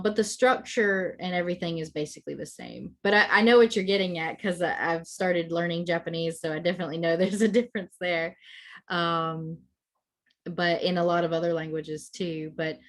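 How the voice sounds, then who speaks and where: A woman with a slightly low-pitched voice teaching over a video call. She explains things patiently and steadily, pausing often on hesitant fillers as she works through each point. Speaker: language presenter. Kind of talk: explanatory online presentation.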